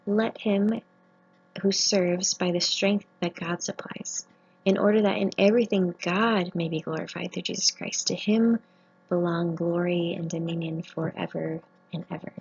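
Speaking to medical trainees, a woman in her thirties who works as a family physician shares her story in an earnest, faith-centered testimony. She sounds low and steady at a moderate pace, creaky with a breathy edge, captured on a muffled lo-fi recording.

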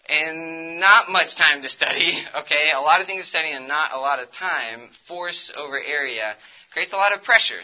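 A man's voice: fairly high pitch, muffled recording. A young man giving a casual, chatty talk to students, telling a story with lots of fillers. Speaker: speaker at a student ministry talk.

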